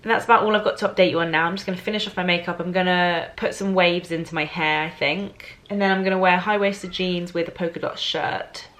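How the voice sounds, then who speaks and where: A woman's voice: on the low side, steady tone, fast talker, hardly any pauses, fairly bright tone, poor audio. A young woman chatting casually to camera in a vlog, bubbly and full of fillers, first at home and then out in town. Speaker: vlogger.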